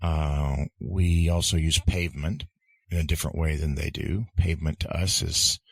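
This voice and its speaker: A deep, husky-voiced man chatting on a podcast. He is relaxed and jokey, with a dry, close sound. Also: moderate pace, no echo. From United States. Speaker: podcast co-host. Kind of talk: casual language-lesson podcast chat.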